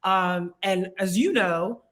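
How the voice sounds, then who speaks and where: A woman's voice: mid-range voice, slow, a bit bright. A young woman from the United States, a guest in a casual interview, talking in a chatty, reflective way with frequent laughs and fillers.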